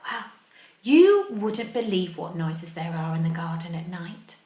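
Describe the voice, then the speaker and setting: A woman teacher reading a picture book aloud to young children, animated, asking them questions and dropping into whispers. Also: lowish voice, a little slow. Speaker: early-years teacher. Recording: roomy echo.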